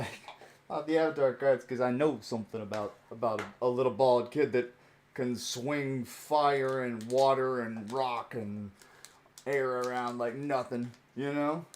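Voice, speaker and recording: A young man streaming a card-pack opening, chatting casually with many fillers and chuckles. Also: medium pitch.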